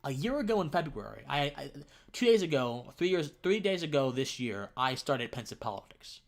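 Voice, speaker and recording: A young man hosts his own livestream and tells a personal story earnestly, his medium-pitched voice sing-song with vocal fry at a normal speed. He becomes choked up and tearful, dropping almost to a whisper.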